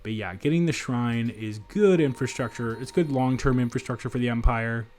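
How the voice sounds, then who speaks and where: A man's voice: mid-range voice, normal speed, a little mellow, slight background noise. A man giving let's play commentary in a city apartment, thinking aloud in a rambling way with frequent restarts. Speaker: gamer.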